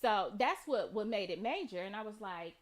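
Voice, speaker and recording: A woman in her thirties co-hosting a radio talk show, telling a story with lively quoted voices. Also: mid-range voice, normal speed. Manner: animated retelling, voicing quoted people. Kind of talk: casual chat, storytelling.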